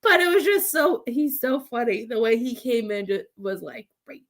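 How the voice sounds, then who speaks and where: Rambling, affectionate woman medium, somewhat high voice. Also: lively intonation. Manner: halting, rambling, frequent restarts; affectionate terms for sitters. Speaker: psychic medium. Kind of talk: live online reading.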